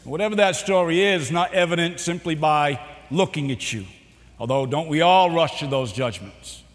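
A fairly high-pitched middle-aged man from New Bedford, Massachusetts, speaking with a Boston accent, delivers a keynote speech. He jokes warmly and recounts his own story, using dramatic pauses and frequent "uh" fillers, all heard through a long hall reverb.

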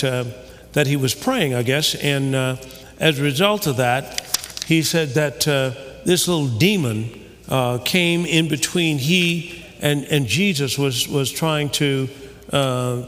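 A pastor preaching an animated sermon, rising to shouts, with many restarts and fillers. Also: male voice, mid-range voice, long reverb tail.

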